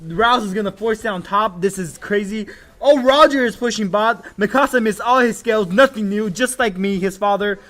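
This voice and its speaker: A man's voice: high-pitched, normal speed, a bit bright. Hyped man casting a game stream. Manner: hyped, crude joking, frequent exclamations. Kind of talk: livestream game commentary.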